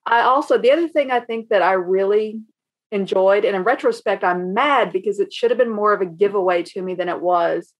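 A woman talking casually about a film she watched, animated and storytelling, with a loose, conversational flow and a few casual swears. She sounds like an easygoing podcast co-host. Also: mid-range voice, a little fast. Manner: animated storytelling, acts out her own reactions, casual swearing. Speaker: podcast co-host reviewing a horror movie. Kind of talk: casual chat.

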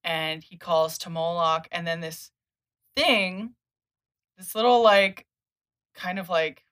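A woman's voice: fairly low pitch, slow. A woman casually recapping a comic story on a podcast, acting out the characters' lines with laughs. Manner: animated retelling, acts out characters' lines with laughs. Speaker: podcast host.

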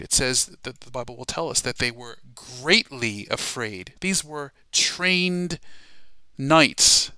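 A man teaching a Bible study lesson in a preaching style. He talks emphatically and often checks in with "all right?" and "okay?", moving between quiet asides and loud, stressed words. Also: mid-range voice, dry recording.

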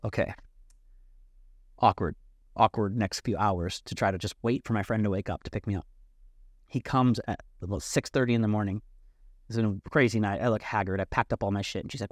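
Animated, profane male storyteller, dry sound. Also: on the low side, quick pace, no echo. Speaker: podcast guest. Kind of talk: casual storytelling.

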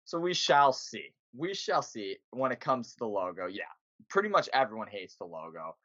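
A man co-hosting a podcast in casual sports chat, animated and pressing with emphatic questions. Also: mid-range voice, moderate pace, no echo. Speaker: podcast co-host. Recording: dull lo-fi sound.

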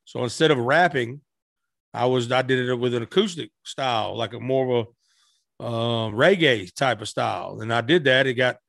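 A man's voice: mid-range voice, moderate pace, creaky, a bit bright, dry recording, clean studio sound. A middle-aged man telling stories as a guest musician in a casual interview, rambling with frequent restarts.

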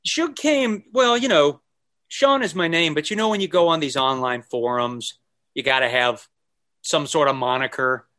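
Storytelling as a podcast guest, a man with a fairly high voice speaks at a moderate pace. He's lively about it, imitating whoever he quotes and slipping in sung snippets during the casual conversation.

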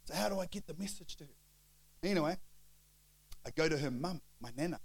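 A middle-aged man, preaching a storytelling sermon and acting out the dialogue with lively shifts of voice. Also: fairly high pitch, fairly quick, vocal fry, husky, rough recording. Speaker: pastor.

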